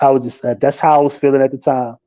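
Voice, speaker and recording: A man hosting a live stream, talking in a casual, animated and profane way, often breaking into laughter. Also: medium pitch, very fast, highs cut off.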